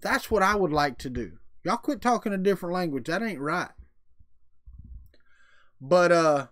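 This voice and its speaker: A man's voice: sits high, lively intonation, normal speed, long pauses, a bit bright, dry recording. Folksy man, dry close sound. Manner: chatty, folksy, answers chat between thoughts. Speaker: livestream host. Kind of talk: casual live-stream chat.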